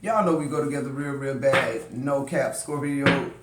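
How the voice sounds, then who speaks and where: A man giving a casual tarot reading, slangy and profane, preaching and swinging from low murmurs to yelling. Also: steady tone, moderate pace, reverberant, background noise. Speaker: tarot reader.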